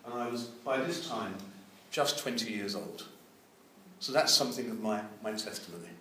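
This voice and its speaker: A man's voice: fairly low pitch, normal speed, sharp tone, a little hiss or hum. Older man in an echoey hall. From England. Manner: earnest, acts out dialogue in his story. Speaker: evangelist. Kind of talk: storytelling testimony. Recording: very echoey, distant mic.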